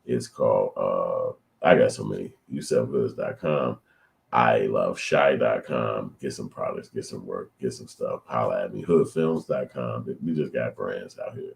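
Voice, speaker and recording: Deep gravelly dude doing a reaction vlog, loose and slangy, kinda rambly. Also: male voice, expressive, unhurried. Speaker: channel host. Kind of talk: casual reaction commentary.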